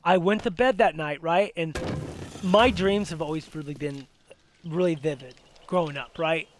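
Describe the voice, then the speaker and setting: A man's voice: on the high side, normal speed, slight background noise. A young man telling a ghost story in casual chat, rambling with many restarts and fillers. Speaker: host.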